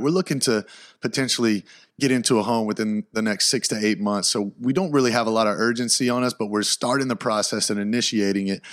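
Hyped, slangy young man podcaster. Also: medium pitch. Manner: hyped, excitable, slangy, breaks into loud outbursts. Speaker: podcast host. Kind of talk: casual solo podcast storytelling.

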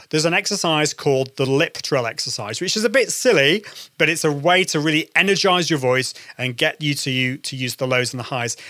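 A man coaching voice warm-ups on a podcast, encouraging and quick to demonstrate. His voice is bright and pitched a little high. The recording is close and dry, with no room sound. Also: no echo. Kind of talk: instructional podcast talk.

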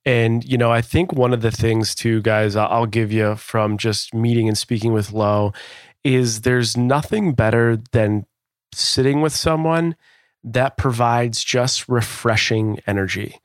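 A man's voice: mid-range voice, measured pace, smooth, no room sound, studio quality. A man co-hosting a podcast, chatting in a loose, enthusiastic way and swearing now and then. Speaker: podcast co-host. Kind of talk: casual podcast chat.

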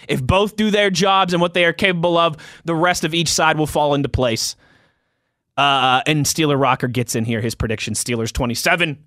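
A young man hosts a sports call-in show, reading listener tweets in a loose, chatty way and laughing easily. His voice sits high and sounds bright and forceful. The close mic keeps the sound dry. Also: no echo. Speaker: sports podcast host.

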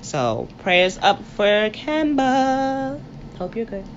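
A woman co-hosting a casual sports chat, animated and trash-talking, often laughing at her own jokes. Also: fairly high pitch, slow pace. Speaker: podcast co-host. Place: late-night home podcast recording. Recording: dull lo-fi recording with faint background noise.

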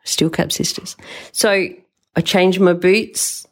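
A woman's voice: fairly low pitch, steady tone, slow pace. An older woman hosting a podcast, telling a story in an emotional, rambling way and swearing freely. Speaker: podcast host. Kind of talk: casual storytelling monologue.

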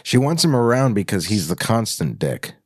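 Brief: low-voiced man, self-mocking quips, dry close mic. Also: big pitch swings, normal speed, no echo. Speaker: co-writer reading his screenplay. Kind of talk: script reading with comic commentary.

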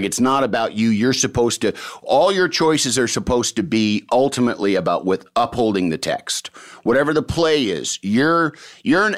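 A man, an actor, chatting casually and telling showbiz stories, acting out the people he quotes. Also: mid-range voice. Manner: animated storyteller, acts out quotes. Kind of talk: casual conversation.

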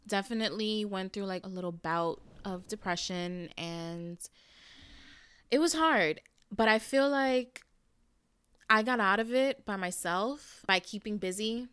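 A woman's voice: medium pitch, a bit bright, clear, resonant tone, dry recording. A young adult woman hosting her own podcast, talking candidly and casually to listeners, saying "y'all" and "like" often. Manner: candid, conversational, uses "y'all" and "like". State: emotional, near tears. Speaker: podcast host. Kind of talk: casual solo podcast talk.

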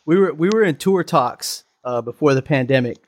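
A man's voice: fairly high pitch, animated, normal speed. A man in casual podcast chat, dry and a little hesitant.

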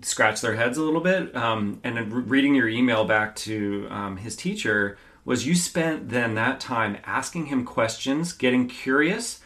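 Halting man recapping as co-host. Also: mid-range voice, expressive, fairly bright tone. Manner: halting, recapping with stammered restarts. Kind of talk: casual podcast conversation.

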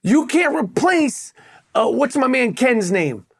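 A man's voice: extremely high pitch, big pitch swings, slow pace, vocal fry, husky. A man hosting a podcast in casual banter, emphatic and profane, full of street slang. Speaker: podcast host.

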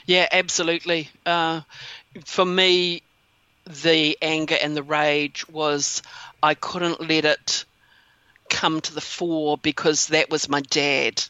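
A woman's voice: deep voice, level tone, slow, bright, forceful tone, clean tone, no echo, dull audio. A woman hosting a casual conversation, reflective and supportive, with frequent affirmations. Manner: supportive listener with frequent short affirmations, reflective when speaking at length.

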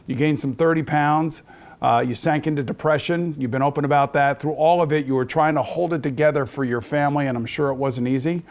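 A man hosting a sports podcast, asking a guest questions in a measured, earnest way. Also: a little high, steady tone. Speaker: podcast host. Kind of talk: interview.

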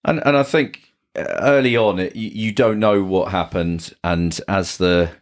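Wry low-voiced man. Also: steady tone, moderate pace. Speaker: podcast co-host. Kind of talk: casual film discussion.

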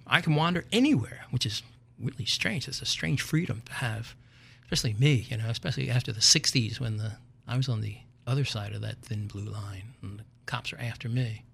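An older man hosting a show, telling a comic story in a wry, animated way and chuckling at his own tale. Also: medium pitch, vocal fry, husky. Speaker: podcast host.

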